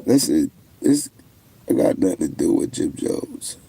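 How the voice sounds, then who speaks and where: A young man talks loosely to his viewers on a casual livestream, boasting and trash-talking. His voice is low, dark and gravelly, with a husky, rough edge. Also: big pitch swings, unhurried. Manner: brash, boastful trash talk. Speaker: livestream host.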